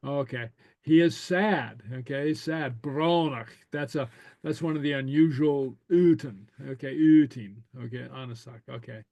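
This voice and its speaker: A man teaching a relaxed language class, speaking slowly and hesitantly with lots of okays and soft chuckles, sounding out new words for his students to repeat. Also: mid-range voice, no room sound.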